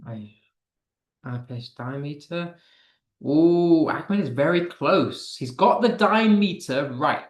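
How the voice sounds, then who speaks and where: A man's voice: a little high, fairly bright tone. British man teaching in an echoey room. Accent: British English. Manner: encouraging, reads verse slowly with stress. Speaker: English teacher. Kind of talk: live online lesson.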